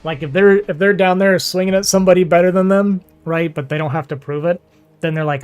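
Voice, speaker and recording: A man's voice: high voice, fairly even intonation, fairly quick, clean tone. A man who streams games, chatting casually, laughing often and trailing off with fillers. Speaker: streamer and game player. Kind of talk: casual chat.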